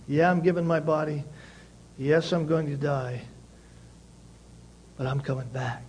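High-pitched pastor guy preaching, hammers phrases over and over, loud then soft, faint hum behind. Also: measured pace, poor audio. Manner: emphatic, repeats key phrases, swings between loud and soft. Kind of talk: sermon.

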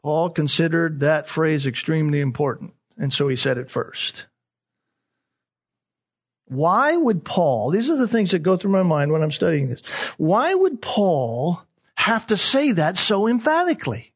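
Pastor, male, high voice, emphatic sermon delivery with repeated phrases and rhetorical questions. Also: sing-song, unhurried, slightly rough.

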